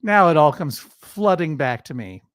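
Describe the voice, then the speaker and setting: A man's voice: a little high, very animated, moderate pace, fairly bright tone, no echo. A man hosting a casual online talk show, playful and rambling, with absurd asides. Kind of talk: casual video chat.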